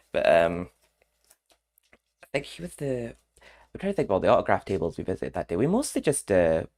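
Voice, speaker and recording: A man chatting casually in a rambling vlog, often laughing between remarks. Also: low-pitched. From Scotland. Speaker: vlogger. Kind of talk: casual chat.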